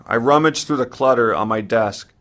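A man narrating a personal story in the first person, in a somber, measured way. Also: mid-range voice, fairly bright tone.

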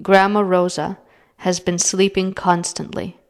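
Deadpan, stern mother on the phone, low-pitched and unhurried, read by a woman.

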